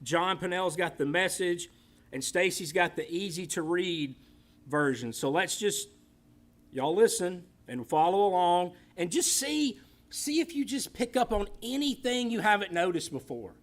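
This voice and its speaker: A man's voice: high-pitched, animated, a little slow. A man leading a church Bible class in a chatty, joking way. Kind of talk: casual church class talk.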